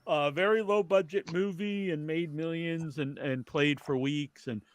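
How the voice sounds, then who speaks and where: A man's voice: fairly high pitch, steady tone, a little slow. A man hosting a podcast, reading out trivia and then chatting loosely with lots of fillers. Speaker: podcast host. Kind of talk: casual wrestling chat.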